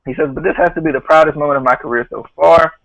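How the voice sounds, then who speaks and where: A man's voice: fairly high pitch, rapid-fire, vocal fry, fairly bright tone, dry recording, dull audio. A man hosting a podcast, casually retelling a show and laughing often as he quotes people. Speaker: podcast host.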